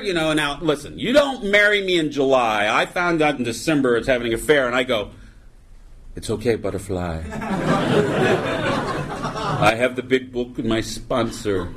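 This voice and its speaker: His voice a little high, this middle-aged man entertains a live recovery-meeting audience with wry storytelling that pokes fun at himself, throwing in many "you know"s. Background noise can be heard.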